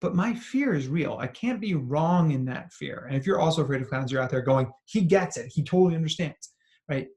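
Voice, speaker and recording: A man, a psychologist, giving an animated talk to parents and educators, telling stories and asking questions. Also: mid-range voice, brisk, hardly any pauses. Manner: animated storytelling with acted quotes and asides. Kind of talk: expressive talk to an audience.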